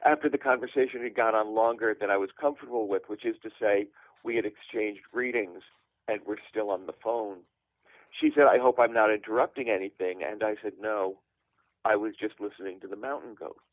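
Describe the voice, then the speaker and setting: A middle-aged man tells a comic story in a dry, deadpan way, with careful pauses before his punchlines. His voice comes through a thin, phone-like line with no room sound at all. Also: fairly low pitch, no echo. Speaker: guest storyteller.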